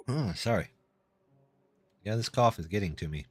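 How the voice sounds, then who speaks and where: Gaming on a live stream, this man talks loosely with his audience and pokes fun at himself as he answers their comments. His voice is fairly low, darkish and slightly rough, with lively intonation and an unhurried pace.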